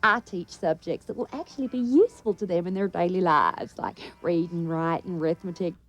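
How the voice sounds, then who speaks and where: A woman playing a composed schoolteacher in a sketch, speaking in a measured, matter-of-fact way. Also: on the low side, natural voice, rough recording. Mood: prim.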